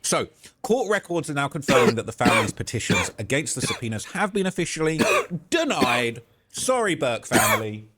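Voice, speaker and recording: Animated, ranting male streamer. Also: medium pitch, fairly quick, hardly any pauses, heavy background noise. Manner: indignant ranting, sarcastic. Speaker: live streamer. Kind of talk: live-stream commentary.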